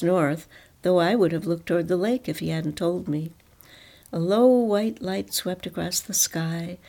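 A woman reading a first-person story aloud in a calm, reflective way. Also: on the low side.

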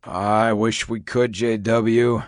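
Soft voiced old fire chief, guy doing it, slow, sorry sounding, dry close mic. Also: on the low side, flat delivery, no room sound. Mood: apologetic. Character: soft-spoken older male city fire chief, former drinker.

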